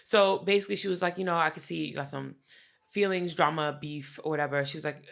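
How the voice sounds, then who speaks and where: A woman's voice: low-pitched, fast, gravelly. A woman co-hosting a podcast, telling a story in casual chat, acting out what people said and swearing freely. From Haitian family. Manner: animated, swears a lot, acts out quotes. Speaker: podcast co-host.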